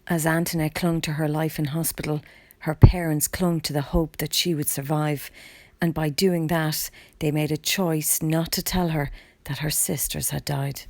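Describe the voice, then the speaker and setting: Low, flat-voiced woman narrator. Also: moderate pace, no room sound. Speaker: documentary narrator. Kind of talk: scripted narration.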